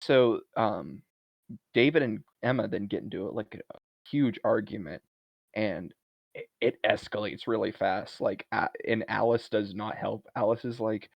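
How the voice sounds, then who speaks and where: A man co-hosting a podcast, retelling a film's plot in a casual, animated way. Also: on the low side, unhurried, vocal fry, no echo, highs cut off. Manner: animated retelling, briefly acting out lines from a film. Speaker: podcast co-host. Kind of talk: casual movie recap chat.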